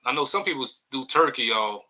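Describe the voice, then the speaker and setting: Bright-voiced New man hosting a podcast. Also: medium pitch, expressive, fairly quick, poor audio. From New Orleans area. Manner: loose, rambling, reads chat comments aloud. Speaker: podcast host. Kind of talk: casual live-stream sports chat.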